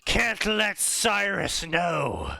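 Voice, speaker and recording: A man voicing a ruthless, fanatical old male wizard who makes drawn-out, melodramatic proclamations. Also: high-pitched, wildly swooping pitch, gravelly, pushed and bright, pitched above the performer's own voice, full character voice.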